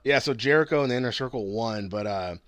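A man's voice: mid-range voice, fast, a bit bright, dry recording. A young man chatting casually about wrestling, slangy and profane, often laughing. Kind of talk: casual wrestling chat podcast.

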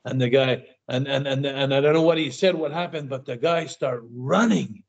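An older man, a guest in an interview, telling animated anecdotes in casual talk, often stammering and repeating his words. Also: medium pitch, moderate pace, creaky. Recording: dull lo-fi sound.

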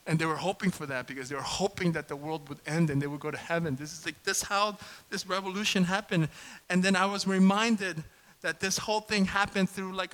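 A man in his fifties preaching a sermon as pastor, conversational and animated, often asking the congregation questions. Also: a little high, low-quality recording. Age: 50s.

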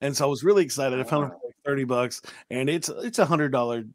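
A man's voice: medium pitch, quick pace, no room sound, clean studio sound. A man hosting a casual podcast chat, laughing often and stumbling over his words. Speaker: podcast host.

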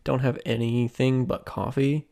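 A man's voice: medium pitch, unhurried, gravelly, warm tone. A young man co-hosting a podcast in casual chat, teasing and loose. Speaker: podcast co-host.

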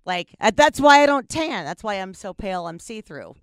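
A woman's voice: mid-range voice, sing-song, normal speed, no room sound, studio quality. A woman in her forties hosting a podcast, chatting candidly, laughing often and swearing freely. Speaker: podcast host. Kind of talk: casual chat.

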